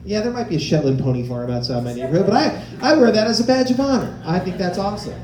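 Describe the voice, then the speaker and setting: Animated stand-up comic, mellow roomy voice. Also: male voice, high-pitched, fast talker, slight background noise. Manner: animated storytelling, acting out quoted voices. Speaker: stand-up comedian. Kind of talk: stand-up comedy. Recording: roomy live-venue sound.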